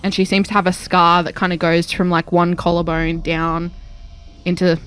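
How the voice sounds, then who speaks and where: A woman plays a tabletop game, thoughtfully describing her character's look and gear. Her voice sits on the low side for a woman. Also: level tone, normal speed, fairly bright tone, clear, resonant tone. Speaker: player. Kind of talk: casual tabletop play.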